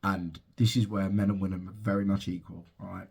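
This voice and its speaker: Man, low voice, gravelly, heartfelt, swears a lot. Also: little pitch movement, fairly quick. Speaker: father and podcast host. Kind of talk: casual personal storytelling.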